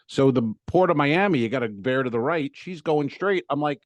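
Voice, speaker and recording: A man's voice: a little high, moderate pace, few pauses, dry recording. A man co-hosting a comedy podcast, telling a story in a casual, profane way and acting out his own exclamations. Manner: animated, profane, acts out exclamations. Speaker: podcast co-host.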